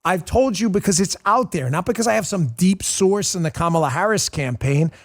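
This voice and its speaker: A middle-aged male host with a high, emphatic voice tears into his target in a political commentary monologue. He is mocking and combative throughout, leaning hard on each jab. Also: expressive, brisk. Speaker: political talk show host.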